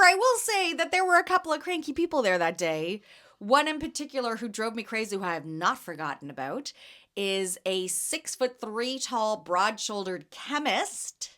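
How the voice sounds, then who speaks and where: A young woman hosting a casual market podcast, chatting and telling stories with lots of fillers and animated asides. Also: medium pitch. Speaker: podcast host and jam vendor. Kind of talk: casual chat.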